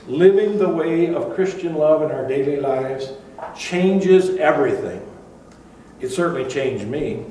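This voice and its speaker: Brief: older male pastor, chatty storyteller, slightly high voice, distant mic. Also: darkish tone, a little hiss or hum. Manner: conversational storytelling, with asides and fillers. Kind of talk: sermon. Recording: echoey room, far from mic.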